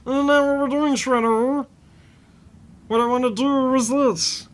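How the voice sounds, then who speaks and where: A man's voice: very high-pitched, steady tone, unhurried, pitched above the performer's own voice. A man putting on the voice of a bossy alien brain warlord, scolding his partner in an exasperated tone.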